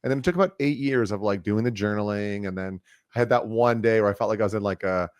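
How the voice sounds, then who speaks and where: A man hosting an interview, telling a rambling personal story with lots of fillers and animated asides. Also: on the low side, quick pace, smooth, no echo. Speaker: host. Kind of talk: casual interview chat.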